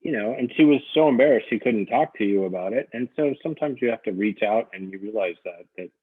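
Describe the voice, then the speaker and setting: Husky man on a tinny call. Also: fairly low pitch, lively intonation, fast talker, no echo. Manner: agreeable, reflective replies. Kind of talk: casual discussion. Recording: tinny phone-like call audio.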